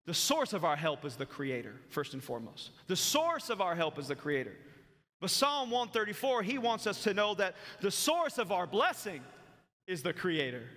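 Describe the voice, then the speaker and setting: A man preaching a sermon as pastor, emphatic, with dramatic pauses between phrases. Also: high-pitched, fairly bright tone, big-room sound.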